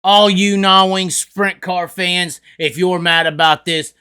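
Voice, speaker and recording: Brief: a drunk, profane vlog host with a high, bright voice, heated and mocking. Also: male voice, steady tone, takes it slowly, clear, resonant tone.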